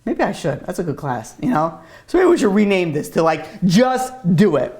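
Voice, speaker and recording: A man's voice: high voice, big pitch swings, moderate pace, darkish tone. A man giving an informal Torah class as a rabbi, talking emphatically and repeating his point, with a loose, casual way of speaking full of "like.". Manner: emphatic, repetitive, casual with many "like" fillers.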